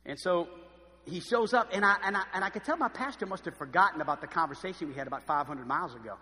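A man preaching a sermon, telling lively stories and acting out the voices of the people in them. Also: a little high, fast talker, in a large hall. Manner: animated storytelling, acts out voices. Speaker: pastor. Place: church.

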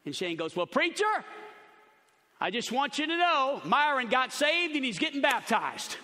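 Preacher guy telling stories from the pulpit, high bright voice, big reverby hall. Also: moderate pace. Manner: animated, acts out quoted voices, shouts at high points. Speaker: pastor. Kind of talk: sermon storytelling. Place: large church auditorium.

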